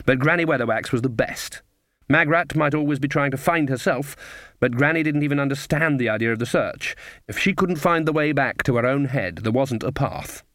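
A man narrating an audiobook in a measured, deliberate storytelling manner. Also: mid-range voice, fairly bright tone, dry recording, clean studio sound.

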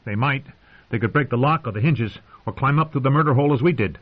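A man voicing a grim, solemn teenage boy who speaks in a measured way. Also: mid-range voice, voice pushed up, natural voice. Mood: grim urgent. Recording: dull lo-fi audio.

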